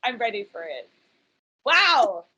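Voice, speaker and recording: A woman's voice: on the high side, big pitch swings, slow, sharp tone, slightly rough, rough recording. A woman in her thirties hosting a casual podcast chat, chatty and self-deprecating, often apologizing for her swearing. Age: 30s. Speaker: podcast host.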